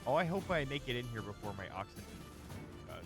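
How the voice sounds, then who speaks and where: A man streaming a game live with friends, animated and quick to laugh and swear. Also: mid-range voice. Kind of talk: live gaming stream chat. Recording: game music in the background.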